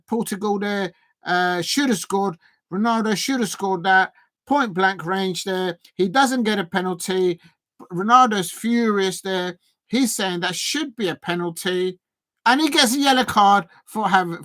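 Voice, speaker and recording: A man hosting a live football watch-along, chatting with viewers and getting excitable, even shouting, at big moments in the match. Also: sits high, no room sound. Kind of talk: live match reaction and chat.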